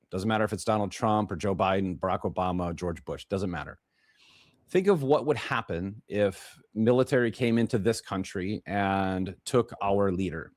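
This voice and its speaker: A man's voice: on the low side, dry recording, clean studio sound. A man with a Chicago accent hosting a talk show, rambling and restarting his phrases as he introduces a guest. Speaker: podcast host. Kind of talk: casual monologue introducing a guest.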